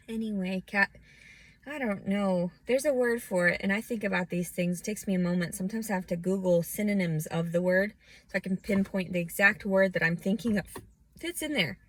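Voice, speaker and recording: A woman's voice: medium pitch, poor audio. A woman in her thirties giving a scattered, emotional personal rant, often restarting and fighting back tears. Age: 30s. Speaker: vlogger. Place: outdoors.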